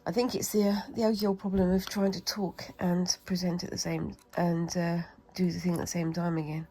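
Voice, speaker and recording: A woman's voice: on the low side, level tone, normal speed, dark tone, husky, poor audio. A British woman with a cold, chatting and rambling casually as she demonstrates a craft, talking to herself while she works. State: has a cold. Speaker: craft vlogger.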